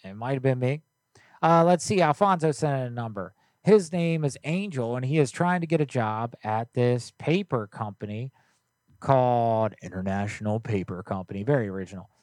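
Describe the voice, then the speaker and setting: A young man rambles and jokes loudly while hosting a prank call show. His voice sits in a middle range and sounds close and dry. He talks in a casual, offhand way. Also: mid-range voice, normal speed, no echo. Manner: loud, joking and rambling. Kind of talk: casual livestream chat.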